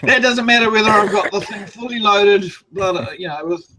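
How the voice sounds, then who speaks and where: A man's voice: high voice, brisk, a crowd in the background. A man with a New Zealand accent, a guest chatting casually and rambling through stories. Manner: rambling, self-deprecating storyteller. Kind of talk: casual podcast chat.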